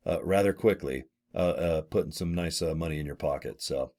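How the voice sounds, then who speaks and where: A man in his late fifties with an extremely low, mellow voice talks fairly quickly to camera about a business opportunity. A network marketing affiliate, he's folksy and blunt in this casual sales chat, with mild swearing and rambling asides.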